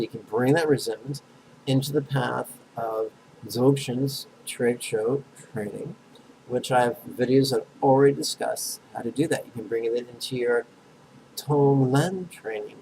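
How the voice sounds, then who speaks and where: A man teaching a meditation lesson, talking bluntly and drawing syllables out slowly for listeners to repeat. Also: medium pitch, a little mellow, a little hiss or hum, low-quality recording. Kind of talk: guided meditation lesson with call-and-response chanting.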